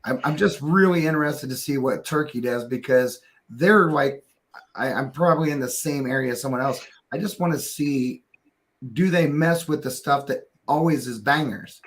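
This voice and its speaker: A man's voice: mid-range voice, moderate pace, a bit bright. An easygoing man speaking as a panelist in a casual group chat, thinking aloud with fillers.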